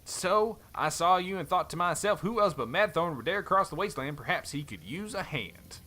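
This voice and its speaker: Brief: man reading as a rough-hewn sellsword, cowboy drawl, bright, sly and folksy. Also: fairly high pitch, expressive, normal speed, voice pushed up. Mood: reminiscing. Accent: put-on cowboy drawl. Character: rough friendly male mercenary, brawler.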